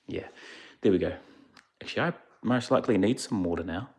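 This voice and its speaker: A laid-back male streamer, chatting casually with viewers. His voice sits very low, and he rambles a bit, sounding a little sleepy. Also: normal speed, long pauses, darkish tone. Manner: laid-back, rambling, answers chat questions. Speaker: livestreamer. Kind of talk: casual live-stream chat.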